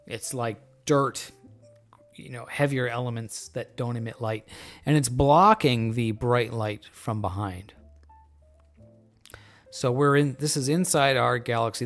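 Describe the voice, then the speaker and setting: A man hosting a casual live stream, talking in a loose, rambling way with many fillers, relaxed and joking, a little tipsy. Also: mid-range voice. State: a bit tipsy from beer. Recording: faint music in background.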